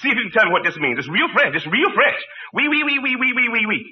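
A man's voice: high-pitched, big pitch swings, racing. An actor playing a boastful man who poses as a French expert, joking and repeating himself in 1940s radio comedy style. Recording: muffled old radio broadcast, audience.

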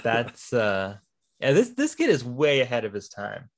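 A man's voice: medium pitch, huge pitch swings, unhurried. A man co-hosting a podcast, talking casually about a film, telling stories and swearing with a rambling flow. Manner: rambling, swears, tells anecdotes. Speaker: podcast co-host. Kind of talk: casual movie discussion.

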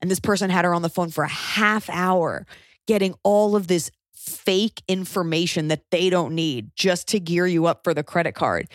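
Woman, thirties, casual storyteller, slightly low voice, animated, dry close mic. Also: dry recording. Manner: animated, acts out quotes, swears when angry.

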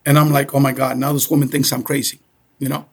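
A man's voice: mid-range voice, little pitch movement, quick pace, breathy edge. A middle-aged man from Cuba telling a story in a casual way, often checking in with "okay?". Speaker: guest.

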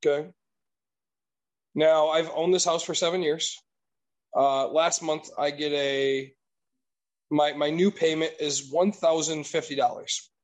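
High-voiced man ranting casually. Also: steady tone, unhurried, long pauses, rough recording. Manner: profane, exasperated storytelling. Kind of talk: casual chat.

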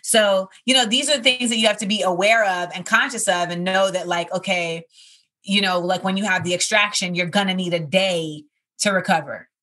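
A woman's voice: mid-range voice, steady tone, moderate pace, bright, forceful tone. A woman in her thirties, a comedian hosting a podcast, chatting casually in a rambling, conversational way. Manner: rambling, conversational, filler-heavy. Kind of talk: casual chat.

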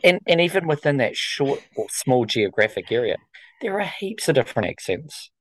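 A man's voice: medium pitch, very animated, normal speed, no echo. A man co-hosting a podcast over a video call, chatty and asking friendly questions. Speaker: podcast co-host. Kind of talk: casual chat.

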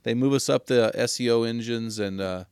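A man's voice: mid-range voice, a little mellow, clean tone, no echo. Upbeat, jokey male podcast host. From Oregon. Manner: upbeat, jokey, quick asides. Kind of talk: casual podcast chat.

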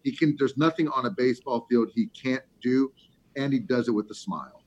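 A middle-aged man, a former ballplayer, chatting about baseball and telling an animated story with lots of fillers. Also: mid-range voice, brisk. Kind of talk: casual sports chat. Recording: slightly muffled lo-fi audio.

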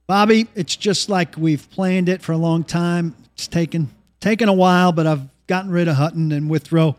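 Man, sports talk host, breezy and joking, high voice. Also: fairly even intonation, normal speed, hardly any pauses. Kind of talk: sports radio hosting.

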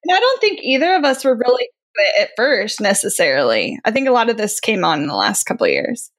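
A woman's voice: fairly high pitch, very animated, quick pace. A woman hosting a podcast, chatting casually and laughing easily. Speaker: podcast host.

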